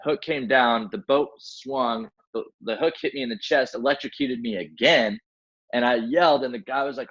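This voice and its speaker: A man's voice: medium pitch, normal speed, muffled recording. A young man, a rescue swimmer, telling a story in a casual interview, acting out the dialogue and using lots of fillers like "like" and "man". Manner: animated, acts out quoted dialogue, many fillers like "like" and "man". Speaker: guest, helicopter rescue swimmer.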